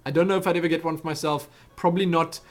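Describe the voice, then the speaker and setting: A man's voice: a little high, fairly even intonation, very fast, faint music behind. Chatty South African young man. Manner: chatty and rambling, with frequent asides and self-corrections. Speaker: YouTube host answering viewer questions. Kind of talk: casual Q&A vlog chat. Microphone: webcam.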